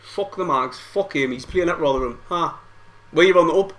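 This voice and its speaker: A man's voice: a little high, moderate pace, fairly bright tone. A young man reacting to a football match live, frustrated and swearing, full of banter. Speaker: football fan streamer. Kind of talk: live match watch-along commentary.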